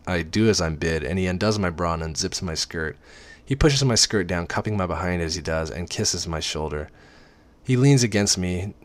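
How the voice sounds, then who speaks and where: A man reading a first-person romance parody aloud, dropping in wry asides. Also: low-pitched. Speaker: reader.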